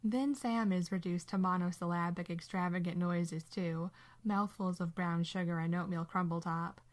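A woman narrating a story as an audiobook, calm and measured. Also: on the low side. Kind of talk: audiobook reading of fan fiction.

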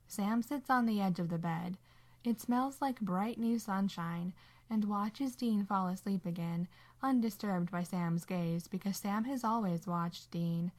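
A woman narrating a story as an audiobook, calm and measured. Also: on the low side. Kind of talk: audiobook reading of fan fiction.

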